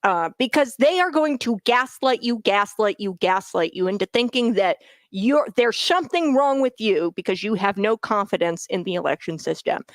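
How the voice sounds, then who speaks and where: A woman's voice: mid-range voice, expressive, normal speed, no room sound. A woman hosting a political talk show, getting heated and repeating phrases for emphasis. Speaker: talk radio host. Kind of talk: opinionated political commentary.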